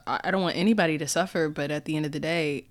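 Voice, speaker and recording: A woman's voice: deep voice, fairly even intonation, racing. A Texan woman in her thirties co-hosting a casual chat, talking candidly and thoughtfully. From Texas. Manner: candid, thoughtful, laughs often. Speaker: podcast co-host.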